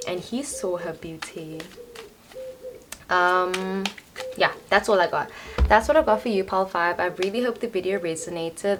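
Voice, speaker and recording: There's slight background noise as this young woman, her voice fairly low, reads tarot casually for a camera on a tripod. She rambles in an easygoing way, leaning heavily on "like" and "you know."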